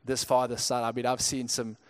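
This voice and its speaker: A man's voice: mid-range voice, monotone, a little fast, clean tone. A young man from Zimbabwe, a pastor telling a personal story in a conversational sermon, often restarting his words. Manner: conversational, frequent stammered restarts.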